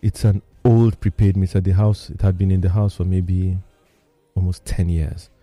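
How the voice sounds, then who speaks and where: A man, telling personal stories in casual talk as he explains a topic, animated and emphatic. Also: low voice, normal speed, dry recording, faint music behind. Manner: animated storyteller, lively and emphatic.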